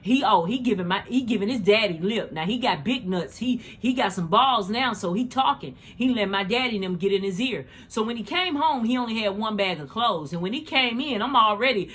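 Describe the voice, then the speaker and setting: A middle-aged woman hosts a podcast, sharing a personal faith story in a casual, slangy way and speaking right to her listeners as "y'all." Her mid-range voice is slightly rough, and she talks fairly quickly with few pauses, staying animated throughout.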